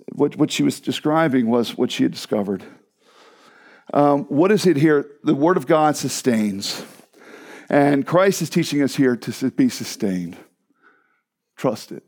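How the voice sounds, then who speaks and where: A man preaching a sermon to his church, conversational and animated, with asides to the congregation. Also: a little high. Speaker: pastor. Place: church sanctuary.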